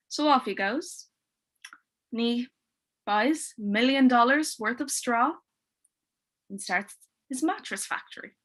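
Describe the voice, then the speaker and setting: A woman telling a twisted fairy tale aloud in a playful, expressive way with dry wit. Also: on the high side, takes it slowly, pauses often. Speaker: storyteller. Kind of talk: oral storytelling.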